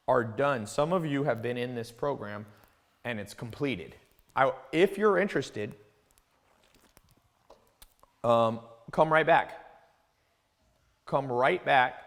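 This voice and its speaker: Blunt ranting man in a reverberant hall. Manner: blunt, ranting, lively swings in pitch and loudness. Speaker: host of a mentoring live call. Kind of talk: animated off-the-cuff lecture.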